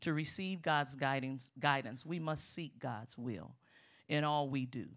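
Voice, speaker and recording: A middle-aged woman preaching a sermon as a guest speaker, lively and emphatic, calling out to the congregation. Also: very deep voice, a little slow.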